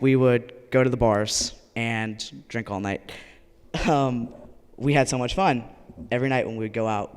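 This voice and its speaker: An earnest young man shares a personal story live, slipping in wry asides. His voice is smooth and clear at a middle pitch, with a long hall reverb behind every word. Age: young adult. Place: stage at a live event.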